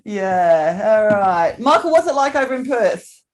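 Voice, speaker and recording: A woman's voice: medium pitch, very animated, measured pace. A middle-aged woman with an Australian accent, teaching a live online movement class over a video call, chatting and greeting people by name with frequent laughter.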